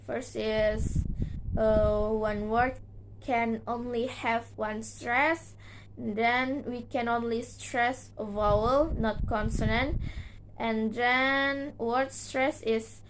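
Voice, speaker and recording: Slow, halting young woman presenting. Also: a little high, background noise. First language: Indonesian. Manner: slow, halting delivery with frequent "uh" fillers and restarts. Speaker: student presenter. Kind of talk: reading a class presentation.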